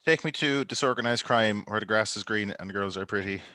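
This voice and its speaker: A man's voice: lowish voice, brisk, sharp tone. A man competing as a contestant in an online quiz show, joking around and hesitating before his answers, on a video call. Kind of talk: casual banter while playing a quiz.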